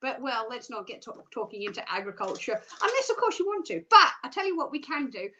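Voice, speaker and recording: A woman's voice: on the high side, sing-song, fast talker, pushed and bright, slight background noise, low-quality recording. A young Australian woman hosting a live stream in a bubbly, chatty way, with jokey asides. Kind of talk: upbeat live stream presenting.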